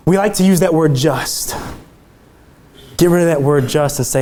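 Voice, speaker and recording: A man preaching an impassioned sermon in a small church room. His voice climbs higher as he gets excited, and he sometimes stumbles over words. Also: brisk. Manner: impassioned, exclamatory, some stumbles.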